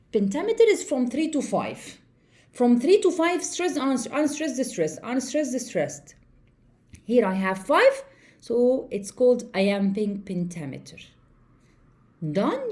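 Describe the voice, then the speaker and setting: Slow, mellow Egyptian woman teaching poetry. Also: a little high. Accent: Egyptian Arabic. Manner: repetitive, asks and answers own questions, counts out stresses. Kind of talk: classroom lecture on poetry. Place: classroom.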